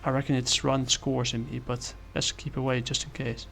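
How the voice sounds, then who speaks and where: A man's voice: mid-range voice, little pitch movement, brisk, vocal fry, a bit bright, a little hiss or hum. A man reading a scarred, reclusive old lighthouse keeper. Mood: warning. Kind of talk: reading a comic aloud.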